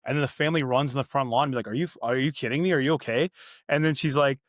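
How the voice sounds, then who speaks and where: Fast-talking man reviewing a film. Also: mid-range voice, no room sound, studio quality. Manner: quick, chatty, self-described cynic. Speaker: podcast co-host. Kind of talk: casual movie review chat.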